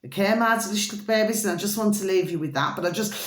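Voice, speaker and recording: A woman's voice: medium pitch, quick pace. A woman vlogging in casual commentary, emphatic and constantly asking her viewers whether they see her point. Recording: roomy echo.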